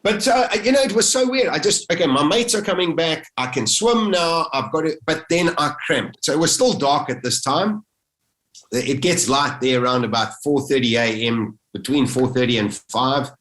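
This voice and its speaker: Animated South African man telling his story. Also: a little high, normal speed, roomy sound, rough recording. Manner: animated, vivid retelling with acted-out inner thoughts. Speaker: interview guest. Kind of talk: emotional first-person storytelling.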